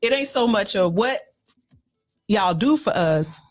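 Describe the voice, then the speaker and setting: A woman's voice: medium pitch, expressive, unhurried, soft background music. A woman in casual chat, asking questions and laughing often. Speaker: podcast host.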